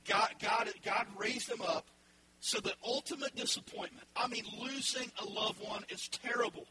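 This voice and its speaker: A male pastor preaching an animated sermon, acting out the people in the story. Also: extremely high pitch, moderate pace, noisy background. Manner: animated, acts out voices in the story.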